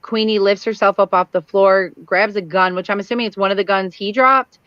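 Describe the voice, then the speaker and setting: A woman with a mid-range voice walks methodically through a plot, filling pauses with ums. The sound is dry and dull, like lo-fi livestream audio. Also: medium pitch, steady tone, fairly bright tone, clear, resonant tone, dry recording. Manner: methodical narrator with frequent ums. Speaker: co-host. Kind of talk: casual chat recapping a TV episode.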